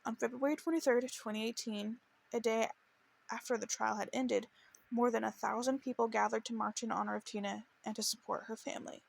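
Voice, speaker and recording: A woman's voice: fairly high pitch, steady tone, fairly quick, gravelly. A woman hosting a true crime podcast, telling the case in an earnest, emotional way and stumbling into restarts as she reads quotes. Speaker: podcast host.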